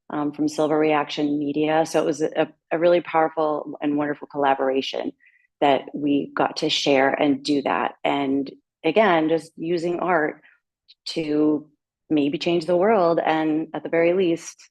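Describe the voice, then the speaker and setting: A woman musician giving a casual conference talk, searching for words, with many pauses and restarts. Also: low voice. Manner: warm-hearted, searching, with many fillers and restarts. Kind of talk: casual presentation.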